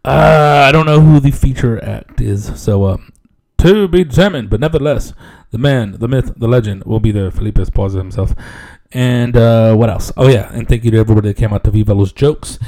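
Gravelly, profane podcast host. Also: male voice, medium pitch, brisk, hardly any pauses, a little mellow. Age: middle-aged. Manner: profane, laughs often, slangy. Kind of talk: casual rambling chat.

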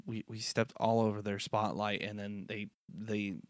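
A young co-host of a podcast, chatting playfully about a cartoon episode and sometimes jumping into squeaky character impressions. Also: little pitch movement, moderate pace, dry recording, studio quality. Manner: playful, breaks into high-pitched impressions of characters.

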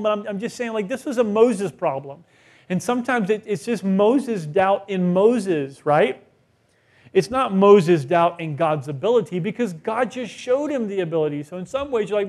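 A man's voice: high voice, expressive, moderate pace, a little mellow. A middle-aged male pastor giving a conversational sermon, asking rhetorical questions and acting out quoted voices.

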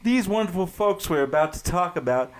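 A man co-hosting a casual comedic podcast, drawing things out slowly and talking to listeners directly. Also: high voice, animated. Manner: slow, drawn-out build-ups, folksy asides to listeners. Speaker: podcast co-host.

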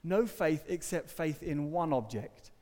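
Male preacher with a high voice, earnest sermon in a reverberant church. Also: lively intonation, measured pace, darkish tone. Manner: earnest, varies pace for emphasis, dry humour. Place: church hall.

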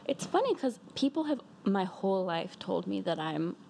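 A young woman co-hosting a casual podcast from an apartment, relaxed and profane, talking while high. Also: normal speed, vocal fry, a little hiss or hum. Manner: laid-back, giggly, profane. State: high from smoking. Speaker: podcast co-host. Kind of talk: casual chat. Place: apartment in Chicago.

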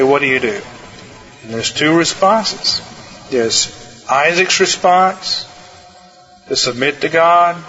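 Male pastor, earnest sermon, bright higher voice, slightly dull recording, faint music. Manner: earnest, emphatic, shifting between slow stresses and quick asides.

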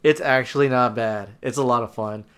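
A young man co-hosting a casual podcast, rambling in a relaxed way with fillers. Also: medium pitch, a little fast, clear, resonant tone. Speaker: podcast co-host.

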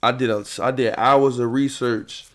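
A young man hosting a solo podcast rants angrily late at night, swearing and repeating himself into a studio mic while wearing headphones. His voice is medium-pitched, with fairly even intonation and a moderate pace.

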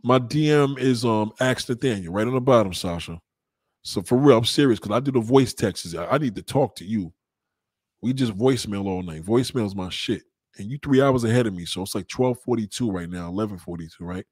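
Profane, rambling streamer man, low voice. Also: brisk, no room sound. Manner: profane, rambling street talk with shout-outs. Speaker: livestream host. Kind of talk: casual livestream chat with viewers.

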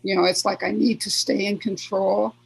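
A woman therapist with a gravelly, husky voice of middling pitch speaks earnestly in an interview. She repeats key phrases and slips into little voiced examples of self-talk. Her tone is warm and practical. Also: little pitch movement, moderate pace, rough recording. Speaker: therapist guest. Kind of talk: conversational advice interview.

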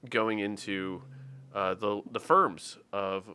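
A man's voice: fairly low pitch, fairly even intonation, slow, pushed and bright, clean tone. A man from Wales, co-hosting a casual podcast chat and rambling through recommendations with frequent restarts. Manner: rambling, hesitant, with many restarts. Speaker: podcast co-host.

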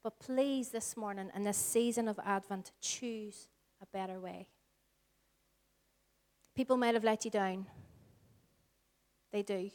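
A woman in her forties with a Northern Irish accent, preaching a sermon as pastor, earnest and shifting between slow emphatic lines and soft, hushed phrases. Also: mid-range voice. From Northern Ireland. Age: 40s. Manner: earnest, varies pace, drops to soft whispers for emphasis.

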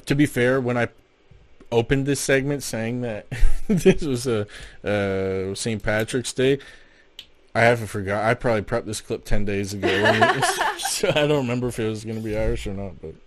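A man's voice: mid-range voice, sing-song, moderate pace. A man, a comedian co-hosting a podcast, chatting casually in a rambling, self-interrupting way and laughing often. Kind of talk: casual banter.

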